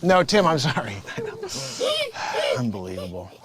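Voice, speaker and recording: A man's voice: on the high side, wildly swooping pitch, takes it slowly, fairly bright tone, heavily acted. A man playing a sleazy, smug phone scammer. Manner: smug, mocking, laughing at his own lines. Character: sleazy male phone scammer boss posing as tech rebate agent. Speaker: improv comedian. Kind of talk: improvised comedy sketch.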